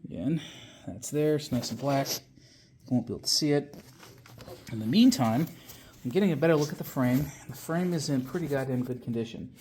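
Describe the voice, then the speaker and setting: A man's voice: medium pitch, normal speed, darkish tone, a little hiss or hum. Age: adult. Sex: man. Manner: rambling, swearing, slightly winded. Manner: rambling, frequent fillers, casual swearing. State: slightly winded after illness. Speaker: car restoration vlogger. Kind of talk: casual workshop walkthrough.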